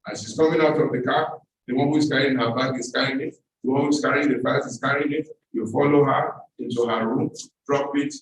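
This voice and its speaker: Nigerian man speaking in a booming hall. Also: steady tone, fairly quick, hardly any pauses, a little hiss or hum. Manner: anecdotal, emphatic repetition. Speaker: seminar speaker. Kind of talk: storytelling speech. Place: seminar hall. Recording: echoey hall, speaker far from mic.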